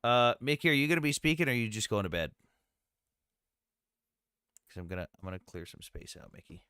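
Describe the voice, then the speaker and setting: A man hosts a live debate stream and talks fast, with a bright, forceful edge. His speech is blunt and profane. The sound is dry and close, with almost no room echo. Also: mid-range voice, sing-song, smooth. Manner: blunt and profane, quick asides. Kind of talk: casual live-stream talk.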